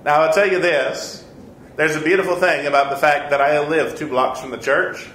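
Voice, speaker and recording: His voice sits on the high side, slightly bright, with fairly even intonation and normal speed, over a little background noise. This man in his thirties leads an adult Sunday school Bible lesson in an echoey church room, earnest and conversational, restating points and laughing at himself.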